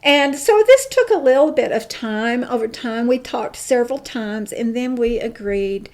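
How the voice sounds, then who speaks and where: A middle-aged woman guest telling a personal story in an interview, emphatic and animated, acting out the dialogue. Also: on the high side, normal speed.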